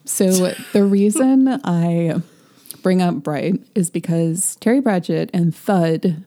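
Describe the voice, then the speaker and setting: A woman talking through a novel in loose, casual conversation, laughing often and putting on mocking voices for quotes. Her voice sits low, with a warm, mellow tone. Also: slow pace. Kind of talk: casual book discussion.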